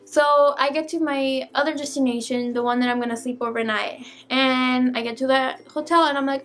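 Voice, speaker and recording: Animated young woman telling a story. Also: sits high, moderate pace, few pauses, soft background music. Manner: animated, exasperated, swears casually. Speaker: vlogger. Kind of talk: casual storytime vlog.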